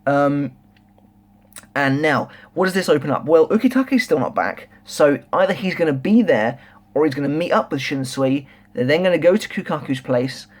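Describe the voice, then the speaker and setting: A young man reviewing a manga chapter in a casual, rambling, excitable way, full of restarts and filler words. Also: mid-range voice. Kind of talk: casual solo review chat.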